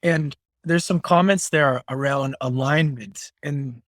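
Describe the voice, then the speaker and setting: A man's voice: mid-range voice, slow, no echo, studio quality. A man hosting a podcast interview, affirming his guest eagerly and asking casual follow-up questions. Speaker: podcast host.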